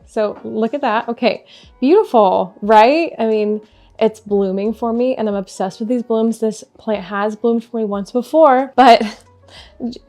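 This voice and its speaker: A woman's voice: fairly high pitch, mellow. A young woman vlogging casually about her houseplants, rambling and gushing with frequent giggles. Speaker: plant vlogger. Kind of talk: casual chatty vlog.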